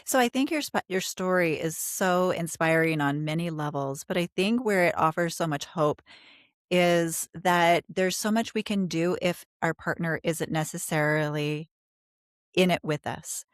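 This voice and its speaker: A woman's voice: lowish voice, a little slow, dry recording, studio quality. A woman hosting a podcast interview, asking questions in an encouraging, interested way. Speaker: podcast host.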